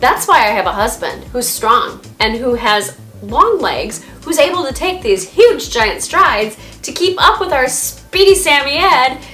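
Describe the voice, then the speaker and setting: A woman vlogger and dog owner telling stories casually to the camera in a chatty, animated way, laughing often. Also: high-pitched, unhurried, soft background music.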